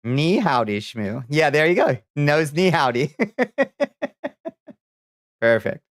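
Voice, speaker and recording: Speaking slowly and expressively in a voice on the high side, this man chats casually with viewers on a live stream, often laughing and dropping offhand swears. The sound is dry and clean, like a studio.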